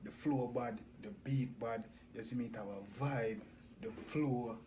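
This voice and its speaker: A man with a Jamaican accent reacting to a music video, full of patois slang and loud bursts of hype. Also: medium pitch, measured pace, slight background noise.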